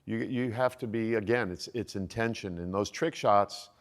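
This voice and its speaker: Energetic motivational man in his sixties. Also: on the low side, normal speed, in a large hall. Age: 60s. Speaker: podcast guest, fitness coach. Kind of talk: casual podcast conversation.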